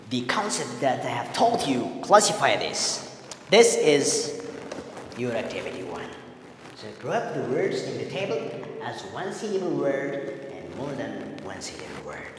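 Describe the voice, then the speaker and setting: A man teaching an online lesson to students with their parents listening, speaking slowly and deliberately, stretching words and repeating the key terms. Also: medium pitch. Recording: echoey room with long reverb, faint noise.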